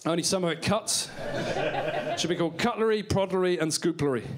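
A man's voice: high voice, a little fast, a loud crowd. A man with an English accent doing live stand-up comedy in a small club, playful and silly, slipping into goofy character voices. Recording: live club recording with audience. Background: audience laughter.

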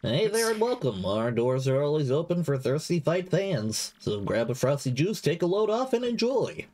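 A man's voice: a little high, very animated, moderate pace, darkish tone. A man voicing an upbeat fight-arena greeter in a fan reading of game dialogue, with a cheery, sing-song welcome.

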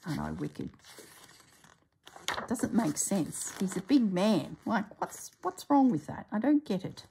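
A woman's voice: medium pitch, big pitch swings, unhurried, dark tone, a little hiss or hum. A woman chatting casually as she reviews a craft book, exclaiming and thinking aloud, often trailing off mid-sentence.

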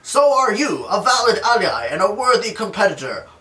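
Man putting on goofy brawling hero voices, raised pitch, forceful, echoey, faint hiss. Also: very animated, normal speed, exaggerated voice. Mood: rowdy. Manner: shouty, comically exaggerated. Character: brawling ancient male heroes, loud and goofy.

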